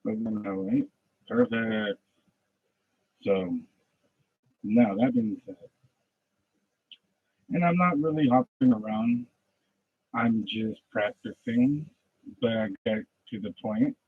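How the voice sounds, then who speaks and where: A man practicing a podcast monologue, ranting passionately like a preacher and then dropping to low muttering, recorded at home. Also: expressive, takes it slowly, vocal fry, long pauses, slightly rough, no room sound, phone-quality sound. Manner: impassioned preachy rant, swings from loud to low muttering. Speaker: aspiring podcaster.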